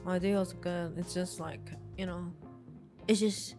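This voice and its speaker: A woman's voice: lowish voice, flat delivery, unhurried, darkish tone, faint music behind. A woman doing a mumbling rich socialite. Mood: languid. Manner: mumbling, lips barely moving. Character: affected rich person mumbling through barely moving lips.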